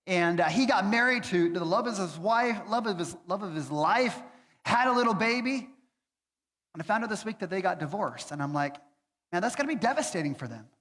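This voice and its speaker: A man's voice: high-pitched, lively intonation, fairly quick, fairly bright tone. A man preaching a sermon in a church, talking conversationally with frequent hesitations and fillers. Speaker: pastor. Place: church sanctuary. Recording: long reverb of a church hall.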